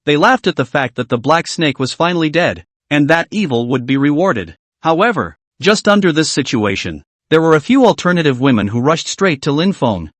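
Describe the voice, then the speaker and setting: Picture a man narrating a story in a voice that sits somewhat high for a man and leaps up and down with animation. The recording is dry and close, with no room sound at all. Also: sing-song, moderate pace, few pauses, no echo.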